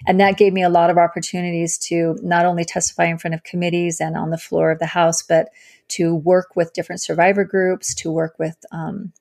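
A woman sharing her personal story as an interview guest, earnest and halting, with many fillers and restarts. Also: on the low side, level tone, creaky, a little mellow. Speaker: guest, survivor advocate.

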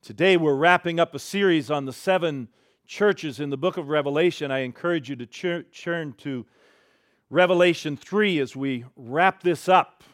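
Conversational pastor preaching. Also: male voice, fairly high pitch, normal speed. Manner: conversational, self-deprecating humor, rhetorical questions. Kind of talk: sermon.

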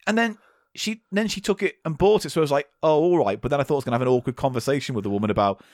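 A man's voice: fairly high pitch, very fast, a little mellow, no room sound, studio quality. A man co-hosting a comedy podcast, wry and teasing, swearing freely as he tells stories. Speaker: podcast co-host. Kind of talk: casual comedy chat.

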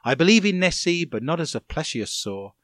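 A man's voice: fairly high pitch, big pitch swings, brisk, a bit bright, dry recording, clean studio sound. A man hosting a comic radio show, reading odd news stories and joking with his co-host. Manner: jokey, puts on silly voices and scores points. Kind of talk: comic news-story quiz chat.

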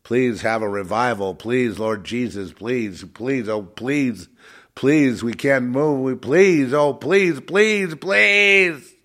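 A man's voice: medium pitch, slow pace, fairly bright tone, pitched above the performer's own voice. A man putting on a weeping male churchgoer who whines and pleads over and over. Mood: pleading.

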